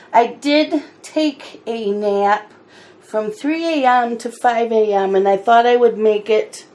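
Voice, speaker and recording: A middle-aged woman talks in a slow, unhurried way while she colors. Her chat is easygoing with mildly exasperated asides, and hiccups break in now and then. Her voice sits at an ordinary pitch. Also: mellow. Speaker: coloring channel host.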